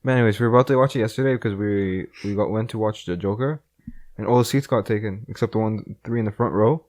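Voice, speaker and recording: A young man with a lowish voice tells stories quickly, piling on fillers and restarts. Casual podcast chat with friends. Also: a little mellow. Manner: rambling storytelling, hedges with fillers. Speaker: podcast co-host.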